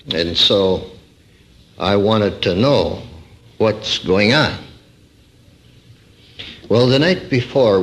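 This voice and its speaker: A man's voice: lowish voice, a bit bright. An older man preaching a sermon, quoting scripture and telling a story with rising emphasis.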